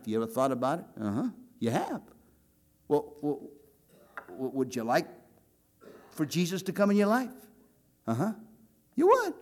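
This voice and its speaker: A man's voice: medium pitch, darkish tone. An older man preaching a sermon, telling folksy stories and acting out voices in quoted dialogue. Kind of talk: sermon with storytelling.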